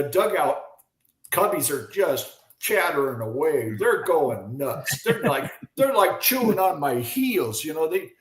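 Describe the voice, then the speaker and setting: A man in his seventies, a former baseball pitcher, telling lively stories as a guest, acting out the voices of people in them and often restarting his sentences. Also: echoey room, rough recording. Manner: lively storyteller who acts out quoted voices, with frequent restarts. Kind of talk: animated storytelling in a chat.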